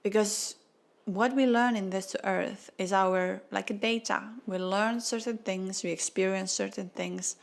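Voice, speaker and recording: A woman's voice: mid-range voice, fairly even intonation, measured pace, vocal fry. A woman hosting a spiritual podcast, speaking earnestly and from the heart, close to tears. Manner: earnest, heartfelt, non-native phrasing. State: tearful, near crying. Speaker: podcast host.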